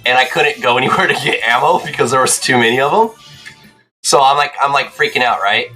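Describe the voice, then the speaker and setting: A young man streaming a game, telling rambling, excitable stories in casual chat and checking in with "right?". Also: mid-range voice, fairly quick, soft background music. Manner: excitable, swears.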